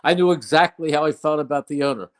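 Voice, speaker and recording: A man's voice: on the high side, fast. An older man, a veteran broadcaster, telling fond anecdotes in an interview with emphatic, storytelling delivery. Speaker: play-by-play broadcaster.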